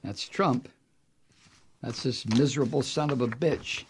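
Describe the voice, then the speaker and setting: A man's voice: medium pitch, unhurried, pauses often, slightly rough. Angry, sarcastic male talk host. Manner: angry, profane, sarcastic commentary. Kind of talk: political commentary talk show.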